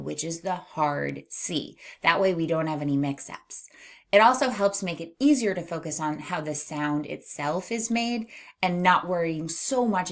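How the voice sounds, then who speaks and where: Slow, patient woman teaching phonics. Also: on the low side, creaky. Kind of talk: children's phonics lesson.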